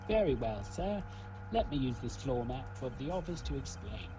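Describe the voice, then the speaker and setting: A man's voice: medium pitch, very animated, normal speed, lightly acted, low-quality recording. A man voicing a dim, dutiful detective in a put-on British commoner accent, ending every line with "sir". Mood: earnest. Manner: ends every sentence with "sir". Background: game music.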